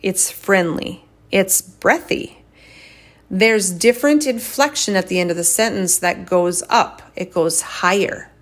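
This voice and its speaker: A woman chiropractor hosting a casual solo podcast, talking frankly and swinging her pitch up and down to demonstrate different tones of voice.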